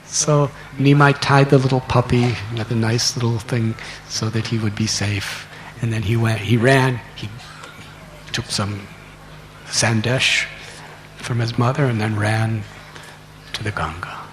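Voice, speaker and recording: A man, a monk telling a devotional story in an expressive way and acting out the characters. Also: mid-range voice, unhurried, slight background noise. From United States. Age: 60s. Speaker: monk giving a talk.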